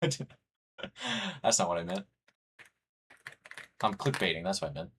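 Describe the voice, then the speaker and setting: A man's voice: low-pitched, wildly swooping pitch, slow pace, a bit bright, slight background noise. A young man from the United States chatting casually with his livestream chat, rambling and reading messages aloud. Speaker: streamer.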